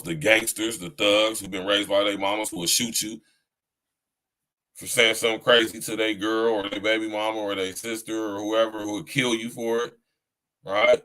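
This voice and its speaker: A man hosts a relaxed live podcast, chatting straight to his listeners. His talk is loose, slangy and profane, broken up by easy laughter. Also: lowish voice, low-quality recording. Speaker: podcast host. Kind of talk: casual live-stream chat.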